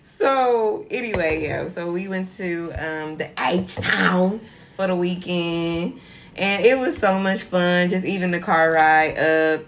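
A woman's voice: lowish voice, slow pace, a little hiss or hum. A woman co-hosting a podcast, telling a story in laid-back, slangy, profane casual chat. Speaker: podcast co-host.

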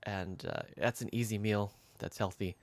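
A man, a farmer guest on a podcast, explaining eagerly with some halting restarts. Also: lowish voice, steady tone, dry recording. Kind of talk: casual podcast chat.

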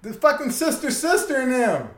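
A man co-hosting a podcast in casual banter, swearing freely, laughing often and telling stories with animated quoted voices. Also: very high voice, normal speed, crowd noise. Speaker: podcast co-host. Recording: echoey room.

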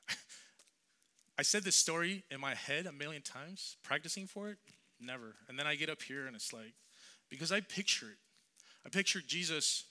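A man who is a youth pastor tells a sermon story in an earnest, conversational, halting way. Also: on the high side, pushed and bright.

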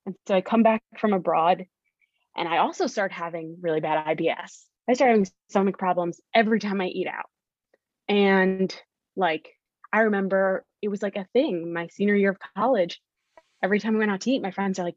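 A woman's voice: medium pitch, fairly quick, no room sound, muffled recording. A young woman, a podcast guest, candidly telling her story and acting out her past self in quoted lines.

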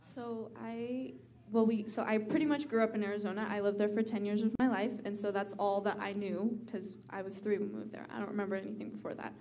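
A teenage girl telling a personal story on stage, bubbly, full of "like" and quick laughs. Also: mid-range voice, flat delivery, dark tone. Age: teens. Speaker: pastor's daughter.

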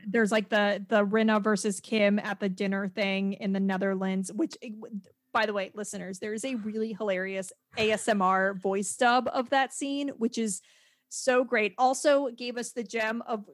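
A woman chatting casually as a podcast guest, animated and quick to laugh, with lots of fillers and restarts. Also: mid-range voice, dry recording, clean studio sound.

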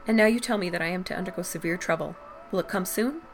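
A woman's voice: lowish voice, quick pace, slight background noise, lightly acted. A woman reading a poised society lady. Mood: probing.

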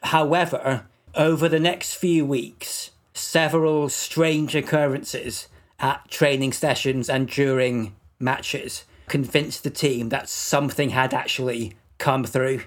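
A man co-hosting a comedy podcast, telling odd facts in a dry, deadpan way. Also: mid-range voice, takes it slowly. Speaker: podcast co-host presenting facts. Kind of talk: casual comedic podcast chat.

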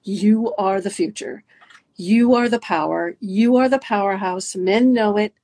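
A woman coaching listeners through a guided talk, animated and swooping her pitch up and down to demonstrate. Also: a little slow, no room sound. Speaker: dating and mindfulness coach.

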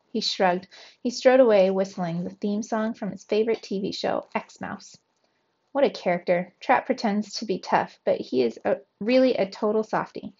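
A woman's voice: mid-range voice, normal speed, gravelly, breathy edge, highs cut off. Woman reading a storybook aloud. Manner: lively expressive read-aloud narration.

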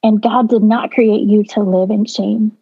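A woman's voice: medium pitch, fairly even intonation, unhurried, slightly rough. A woman talks about faith with strong feeling, stacking up repeated phrases to drive her point home. Her voice comes through a slightly dull, muffled recording. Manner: emotional, repetitive, emphatic. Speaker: co-host of a Christian talk show. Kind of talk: heartfelt faith discussion.

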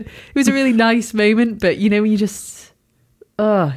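A woman's voice: medium pitch, fairly even intonation, a little fast. A young woman, a podcast host, chatting candidly and laughing often. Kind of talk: casual chat.

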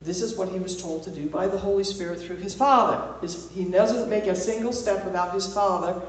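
In a very echoey space, far from the microphone, a woman with a mid-range voice talks a little fast while leading an informal Bible study. She keeps it conversational, checking in with listeners by frequently saying "okay?".

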